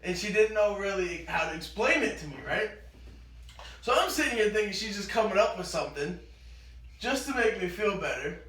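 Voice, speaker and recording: A man with a high voice tells a story in a relaxed chat and acts out each line he quotes. He sounds a little away from the mic, and the room around him echoes. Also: a little fast, recorded from a distance. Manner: animated, acts out quoted lines.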